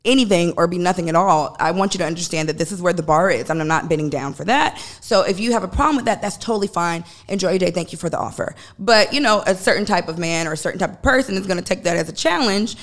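A woman's voice: on the low side, quick pace, few pauses. A woman from Chicago, an actor and guest, telling candid stories in casual chat. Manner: candid, storytelling with quoted voices.

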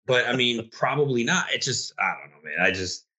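A man's voice: mid-range voice, animated, fairly quick, bright, forceful tone. A young man co-hosting a casual podcast chat, ranting heatedly as a league commissioner.

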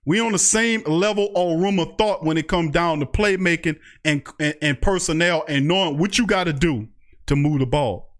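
Male podcast host, high-pitched, hyped and loud, ranting to the chat. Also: moderate pace. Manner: loud, hyped, trash-talking, reads out chat. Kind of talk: fired-up livestream sports talk.

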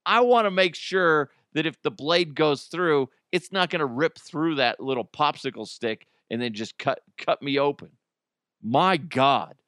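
Brief: lively male comic host, bright voice, dry close sound. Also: fairly high pitch, a little slow, clear, resonant tone, no echo. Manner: animated, joking, laughing often. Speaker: podcast host. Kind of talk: comedic solo podcast monologue.

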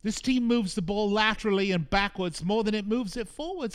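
Man, soccer radio host, high-pitched voice, frustrated and emphatic, hammering points with repetition. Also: brisk, smooth. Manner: frustrated, emphatic, repeats phrases for punch. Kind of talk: opinionated sports talk monologue.

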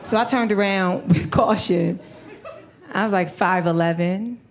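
A woman comedian doing a live stand-up set, telling stories in an animated way, laughing and slipping into put-on voices. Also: medium pitch, a little slow. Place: comedy club stage before a laughing crowd. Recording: live club with crowd laughter and noise.

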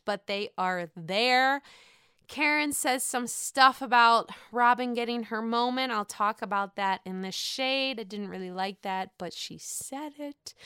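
A woman casually recapping a reality show, animated and profane, acting out the people she talks about. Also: on the high side, smooth, dry recording, studio quality. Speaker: recap podcast host.

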